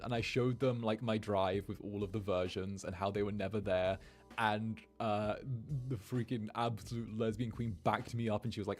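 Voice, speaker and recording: A man streaming as a VTuber, telling a story in an animated, chatty way and acting out the quotes. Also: fairly low pitch, moderate pace, faint music behind. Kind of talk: casual storytelling.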